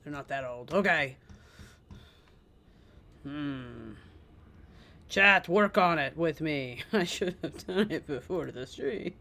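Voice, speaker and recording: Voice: medium pitch, lively intonation, takes it slowly, vocal fry, long pauses, sharp tone. A game streamer in casual live-stream chat, talking to the viewers and humming while searching. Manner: chatty, talks to chat, hums while searching.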